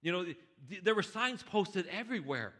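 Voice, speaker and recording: A man's voice: sits high, sing-song, normal speed, bright, forceful tone, voice pushed up, full character voice. A man as an exasperated British emissary. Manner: reasoning, explaining, stammering restarts. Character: exasperated male British diplomat, patient but firm.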